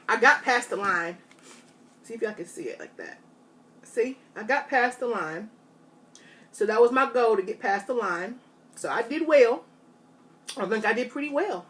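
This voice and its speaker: A woman chatting straight to her viewers in a casual challenge vlog, animated and drawling. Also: on the high side, distant mic. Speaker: vlogger. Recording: faint noise, voice off from mic.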